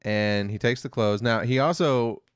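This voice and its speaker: A man co-hosting a review podcast speaks a little slowly at medium pitch, his voice clear and resonant in clean studio sound with no room sound. He rambles through an episode's plot with lots of fillers, quoting the characters flatly.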